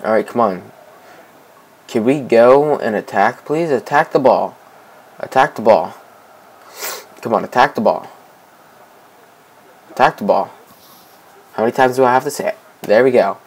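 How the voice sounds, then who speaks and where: A young man casually commenting on his own soccer video game match, excitable and repeating himself as he begs teammates for the ball. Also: mid-range voice, measured pace, long pauses, poor audio. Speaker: gameplay commentator. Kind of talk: casual let's-play commentary.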